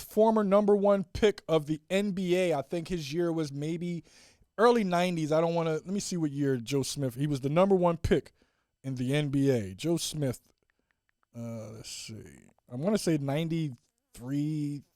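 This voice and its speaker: A man hosting a solo podcast in a casual, profane rant, swinging from loud exclaiming to low muttering and repeating catchphrases. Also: normal speed, no room sound, clean studio sound. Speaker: podcast host.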